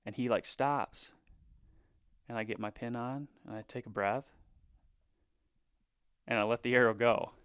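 A man recounting a bowhunt in a casual podcast chat, animated and full of fillers, sometimes dropping into hushed asides. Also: medium pitch, a little slow, pauses often, clean tone, dry recording, studio quality. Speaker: bowhunter guest.

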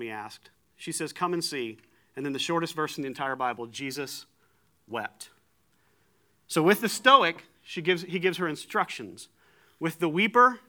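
A fairly high-pitched man, likely middle-aged, preaches a sermon in a conversational, animated style. He retells stories and restarts often.

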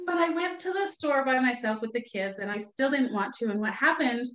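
A guest who is an author and mother, in her forties, recounts something from her own life, sincere and lively. Her high-pitched, slightly bright voice moves fairly quickly, heard in a recording with roomy echo.

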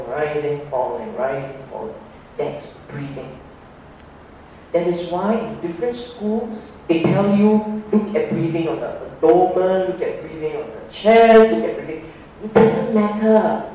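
A man teaching a meditation class, unhurried and emphatic with playful asides. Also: high-pitched, mellow, slight background noise. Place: hall with an audience. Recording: roomy hall, voice from a distance.

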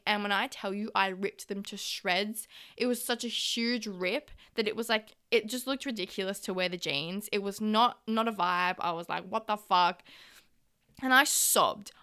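A woman's voice: mid-range voice, pushed and bright, clean tone. A young Australian woman in her twenties, hosting a podcast alone, talking in a chatty, candid and sweary way and acting out her own reactions. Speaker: podcast host. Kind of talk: casual solo podcast monologue.

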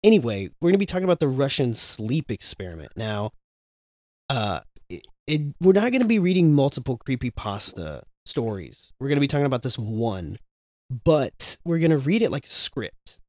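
A man's voice: medium pitch, big pitch swings, normal speed, a little mellow, no room sound. A man co-hosting a podcast, chatting loosely with a friend, rambling, joking and swearing freely. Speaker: podcast co-host. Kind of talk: casual podcast chat.

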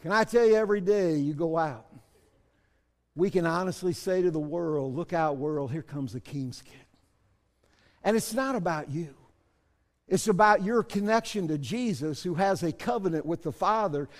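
A man pastor preaching a sermon, moving between soft asides and loud shouted bursts. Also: high voice, animated, moderate pace, long reverb tail.

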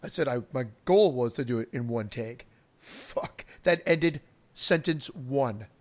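A man's voice: medium pitch, animated, a little slow. A man in casual podcast chat who rambles, laughs often and makes crude jokes. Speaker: podcast co-host.

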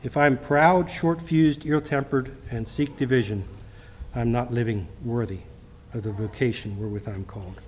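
This middle-aged man, a lay preacher, gives a church sermon that includes his own testimony, speaking at a medium pitch over a slight hiss or hum. His delivery is halting with frequent restarts, and he quotes scripture in the King James phrasing.

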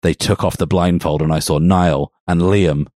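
A man's voice: deep voice, fairly even intonation, normal speed, darkish tone, dry recording, studio quality. A man co-hosting a podcast, giving a mock-serious comic reading of fan fiction. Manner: mock-serious storytelling, breaks into laughter. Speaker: podcast co-host.

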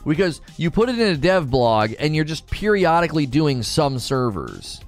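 Animated, rambling male streamer. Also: on the high side, moderate pace, soft background music. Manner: animated, rambling, repeats words. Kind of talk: casual live-stream chat. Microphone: desk mic through mixer and preamp.

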